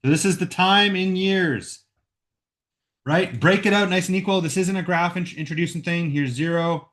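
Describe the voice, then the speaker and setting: A man's voice: high voice, normal speed, fairly bright tone. A man teaching a recorded math lesson at home into a computer microphone. He works through the calculations aloud and keeps checking in with "right?".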